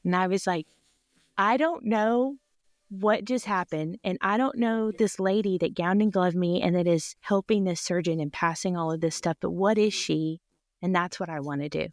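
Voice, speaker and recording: A woman in her forties, a surgical technology department chair, telling an animated personal story in a podcast interview and laughing often. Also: fairly low pitch, a little fast, dry recording, clean studio sound. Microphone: podcast microphone.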